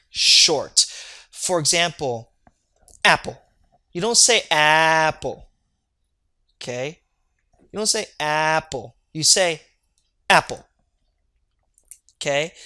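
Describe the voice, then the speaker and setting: Online lecture, energetic teacher, jokey, keeps asking okay, bright tense tone. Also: medium pitch. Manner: energetic, joking, checks in with "okay?". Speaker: medical terminology lecturer. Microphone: recorded video lecture.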